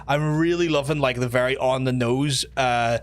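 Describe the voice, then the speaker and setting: This Northern Irish man keeps up casual live-stream commentary while playing a game, rambling chattily and swearing freely. He speaks at medium pitch and moderate pace, with a steady, clear, resonant tone.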